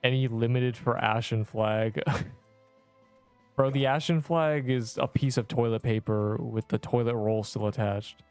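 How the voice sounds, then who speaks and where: A man's voice: medium pitch, fairly even intonation, measured pace, darkish tone, smooth, faint music behind. A man in his twenties streaming a game, chatting casually with viewers in a rambling, offhand, slangy way. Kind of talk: casual livestream chat answering viewers.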